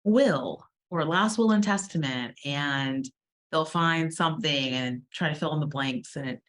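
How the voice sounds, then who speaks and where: A woman's voice: low voice, a little slow. A woman hosting a casual podcast, chatty and laughing easily as she interviews a guest. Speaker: podcast host and law firm owner.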